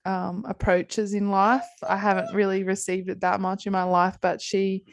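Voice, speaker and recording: A woman in her thirties speaks as a podcast guest, her talk loose and rambling with frequent restarts and casual swearing. Her voice sits at a middle pitch and sounds close and dry, with no room around it. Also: little pitch movement, normal speed, dry recording. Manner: candid, chatty, swears freely, rambling restarts. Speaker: guest telling her birth story. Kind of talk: casual conversation.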